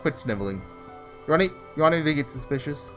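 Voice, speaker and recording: A man's voice: fairly high pitch, lively intonation, fast talker, fairly bright tone, faint music behind. A man voicing a cold, threatening swordsman in a visual novel, giving curt commands. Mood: menacing. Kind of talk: reading a visual novel aloud.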